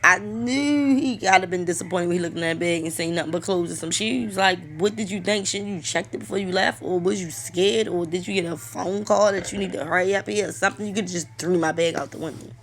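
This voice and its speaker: A woman's voice: fairly low pitch, fairly quick, hardly any pauses, a little hiss or hum. A woman, vlogging a casual storytime while trying on lipstick, telling it animatedly with lots of fillers and swearing. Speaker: beauty and coupon vlogger.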